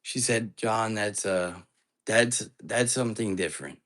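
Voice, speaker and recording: On a rough recording, a man talks unhurriedly in a fairly low, slightly bright voice. He's running a live ghost-hunting stream and recounting a phone call in casual story form, anxious and earnest, rambling with frequent restarts.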